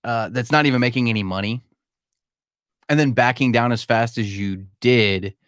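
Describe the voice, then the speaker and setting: A man's voice: mid-range voice, moderate pace, a bit bright, clean tone, no room sound, studio quality. A man hosting a live-stream Q&A from his home, talking candidly and emphatically and calling listeners "man". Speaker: podcast host. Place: home room.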